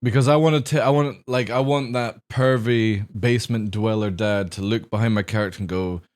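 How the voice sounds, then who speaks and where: A man's voice: on the low side, fairly even intonation, moderate pace, a little mellow. A man livestreaming a game, chatting casually with viewers in a crude, joking, rambling way. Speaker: gaming streamer. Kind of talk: casual live-stream chat.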